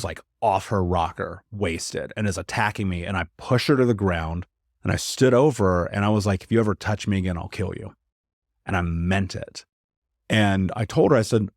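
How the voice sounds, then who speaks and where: A man's voice: fairly low pitch, a little mellow, no echo, studio quality. A man in his thirties, a podcast guest, telling a hard personal story in an earnest, emphatic way, often saying "like". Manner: earnest, emphatic, frequent "like" fillers.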